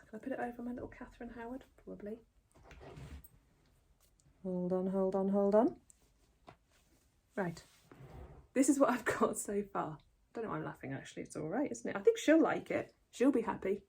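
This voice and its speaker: Breathy, chatty woman knitting podcaster. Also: mid-range voice, darkish tone. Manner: chatty, rambling and self-deprecating, with frequent restarts. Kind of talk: casual chat to camera.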